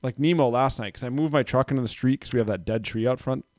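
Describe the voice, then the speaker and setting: A man's voice: medium pitch, fast, a little mellow, dry recording. A man in his thirties chatting casually, rambling through stories about his kids and doing their voices. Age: 30s. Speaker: parent telling stories. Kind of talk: casual chat.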